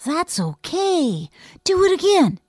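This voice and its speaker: A woman reading aloud and voicing an eager, pushy young schoolboy who talks in quick, excitable bursts. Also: high-pitched, no room sound, clean studio sound, pitched above the performer's own voice. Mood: excited.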